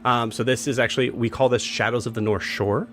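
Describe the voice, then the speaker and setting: A man's voice: medium pitch, steady tone, a little fast, a bit bright. A man hosting a game stream, casually announcing campaigns and rambling with many filler words and restarts. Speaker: game master and show host.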